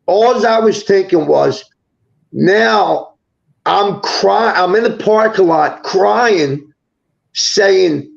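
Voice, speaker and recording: A man on a talk show, retelling a painful family story in a rapid, halting way, restarting lines and acting out what each person said. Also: sits high, vocal fry. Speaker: guest telling a personal story. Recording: dull lo-fi show audio.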